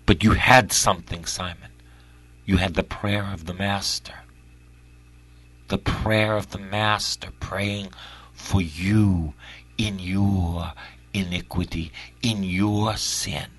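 A male preacher in prayerful preaching, who repeats his phrases and swings from loud cries to hushed whispers. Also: low voice, steady tone, slow, slightly rough.

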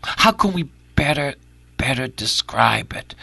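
A male preacher in prayerful preaching, who repeats his phrases and swings from loud cries to hushed whispers. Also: on the high side, big pitch swings, slow pace, creaky, no room sound.

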